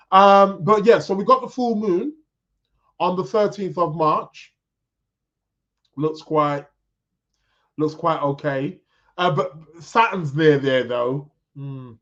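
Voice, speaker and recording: A man with a slightly raised voice hosts a live astrology podcast. He rambles, stops to correct himself and chats with his viewers. The sound is dull and lo-fi. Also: a little high. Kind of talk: casual live-stream chat.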